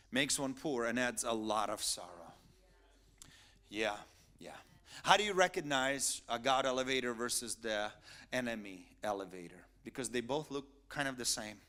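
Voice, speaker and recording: A male pastor preaching a sermon, swinging from quiet asides to loud, emphatic peaks. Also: medium pitch.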